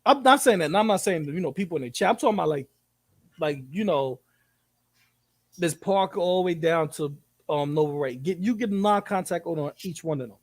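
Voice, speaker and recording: A man co-hosting a live commentary stream, talking in an animated, profane and rambling way, often repeating himself. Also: on the high side, a little fast, dry recording.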